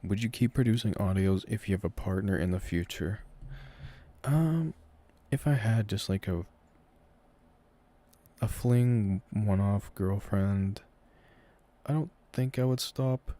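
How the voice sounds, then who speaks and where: A man in his twenties from Canada, an audio creator answering viewer questions in a relaxed, rambling live chat from a room at home. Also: fairly low pitch, slow pace, long pauses. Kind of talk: casual live-stream chat.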